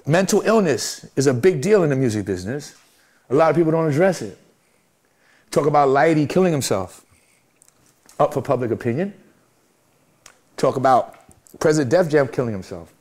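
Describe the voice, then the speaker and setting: A man's voice: fairly high pitch, lively intonation, moderate pace, long pauses, a little mellow. A middle-aged man, giving a candid interview in an emphatic, repetitive, motivational way. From Brooklyn, New York. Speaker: guest, music manager.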